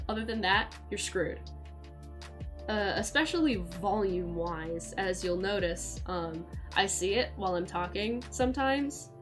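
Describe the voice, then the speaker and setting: A woman streaming from home, chatting casually, loud and excitable with casual swearing, sometimes cooing baby talk to her cat. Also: mid-range voice. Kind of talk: casual live-stream chat. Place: at home in a chair by a window.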